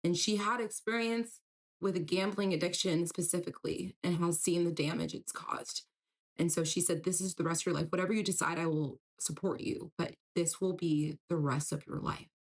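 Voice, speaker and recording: A woman's voice: on the low side, steady tone, normal speed. A young woman candidly telling a painful personal story, getting emotional at the hardest parts. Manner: candid, breaks into tearful emotion at hard moments. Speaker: storyteller recounting a breakup.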